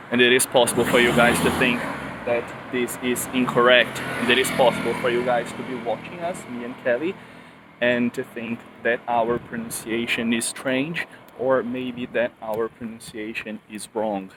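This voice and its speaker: A young man from Brazil with a Brazilian Portuguese accent, talking to camera in a casual vlog, slow and deliberate, often rephrasing himself with fillers. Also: mid-range voice, noisy background. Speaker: vlogger. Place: room in Australia.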